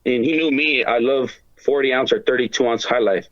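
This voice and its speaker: A man's voice: medium pitch, fairly quick, fairly bright tone, dry recording, dull audio. A man talking as a podcast guest in casual chat, rambling and profane, with lots of filler words and slang.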